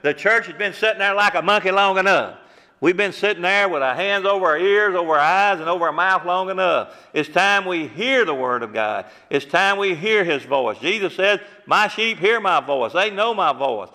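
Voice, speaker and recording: A man's voice: sits high, normal speed, sharp tone, long reverb tail. A man preaching a sermon as pastor, earnest and repetitive, with many rhetorical questions.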